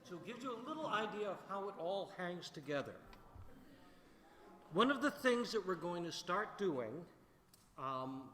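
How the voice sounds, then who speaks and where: A man directing a choir rehearsal, relaxed and thinking aloud with plenty of fillers. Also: medium pitch. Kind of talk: rehearsal instruction. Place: large echoey rehearsal hall. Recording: echoey hall with long reverb, faint music.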